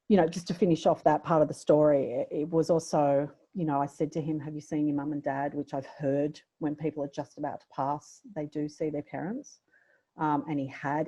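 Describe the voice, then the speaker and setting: A middle-aged Australian woman with a low, warm voice appears as a podcast guest, telling a personal story candidly and reflectively, sometimes with emotion. The audio is dull and lo-fi.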